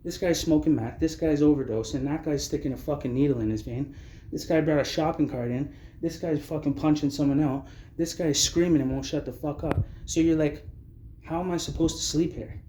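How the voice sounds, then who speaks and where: A man's voice: on the high side, a little fast, warm tone, echoey room, slight background noise. A man telling his own story of homelessness in blunt, agitated speech full of swearing. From Canada. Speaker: vlogger recounting homelessness. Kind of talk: angry personal testimony.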